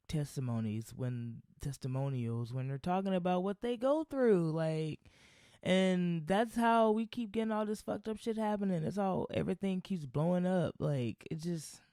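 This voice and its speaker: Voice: mid-range voice, dark tone, clear, resonant tone, dry recording, studio quality. A podcast host ranting in a blunt, sarcastic, profane way, rambling with lots of fillers and restarts. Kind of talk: casual solo podcast rant.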